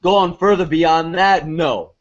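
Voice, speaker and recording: A man's voice: fairly high pitch, measured pace, lightly acted. A man playing a blustering improv teacher. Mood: lecturing. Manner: bombastic, berating, barking insults. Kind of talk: comedy sketch acting. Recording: lo-fi recording.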